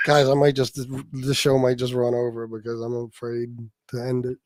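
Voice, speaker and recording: A male livestream host in his forties keeps up casual chat in a mid-range voice with flat delivery and a moderate pace. He rambles, jokes, swears freely, and stammers when flustered, all in a dry, studio-quality recording.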